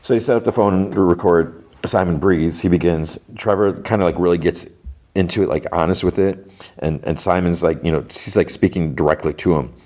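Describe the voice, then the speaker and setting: Male podcast host, low voice, loose and chatty recap style. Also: brisk, a little mellow. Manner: chatty, retelling scenes with "he's like". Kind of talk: casual episode recap.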